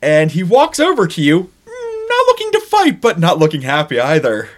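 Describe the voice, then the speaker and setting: A man's voice: high voice, huge pitch swings, moderate pace. A man running a tabletop game as game master, narrating in a playful, descriptive way.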